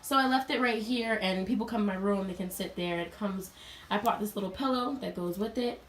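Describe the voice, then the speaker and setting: Talking fairly quickly at a medium pitch, a young college vlogger walks viewers through her dorm room in an upbeat, conversational way. Some slight background noise can be heard.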